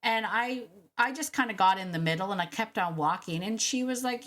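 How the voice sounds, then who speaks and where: A woman hosts her own podcast in a casual solo monologue. Her voice is mid-pitched and her delivery is chatty and emphatic, full of restarts and little laughs. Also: quick pace, hardly any pauses, fairly bright tone. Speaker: podcast host, dog trainer.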